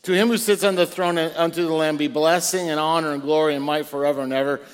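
A male preacher reading scripture aloud in church, slow and deliberate, with excited asides to the congregation. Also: fairly high pitch. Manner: reads slowly and deliberately, breaking in with excited asides. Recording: long reverb of a large hall.

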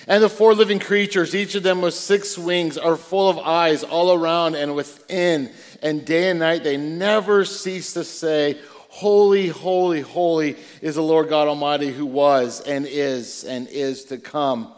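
Preacher guy reading scripture slow n deliberate, kinda high voice, big echoey church hall. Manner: reads slowly and deliberately, breaking in with excited asides. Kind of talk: scripture reading with sermon asides. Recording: long reverb of a large hall.

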